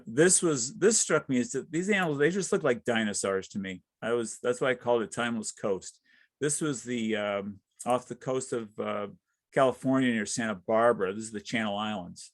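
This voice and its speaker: A middle-aged man, a wildlife artist, giving an informal talk about his career with many halting fillers. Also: medium pitch, no echo.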